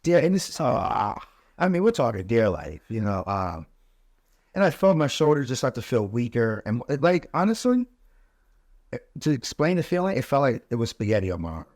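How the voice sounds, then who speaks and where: A man, a podcast guest, telling his story in a relaxed, casual way with many fillers, and growing animated as he relives the events. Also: moderate pace, no room sound, studio quality. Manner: animated, rising pitch when reliving events.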